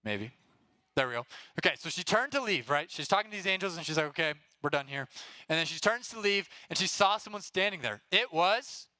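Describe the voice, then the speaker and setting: A young man teaching a Bible lesson to students, casual and energetic, who keeps checking in with "right?". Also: sits high, brisk, no echo. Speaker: youth pastor.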